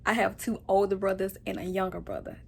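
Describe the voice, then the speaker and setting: A woman's voice: mid-range voice, flat delivery, brisk, vocal fry, breathy edge. A young adult woman telling a personal story to camera in a casual, conversational way, acting out quoted lines. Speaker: vlogger.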